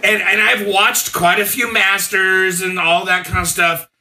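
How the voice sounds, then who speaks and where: A man's voice: sits high, flat delivery, a little slow, sharp tone, slight background noise. A man in casual podcast debate, giving blunt, emphatic opinions about sports.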